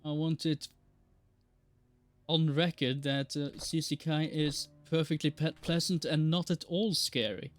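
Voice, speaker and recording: A man's voice: on the high side, fairly even intonation, a little slow. A man casually chatting while streaming a game live, rambling and joking with frequent laughs and the odd swear. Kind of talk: casual live gameplay chat.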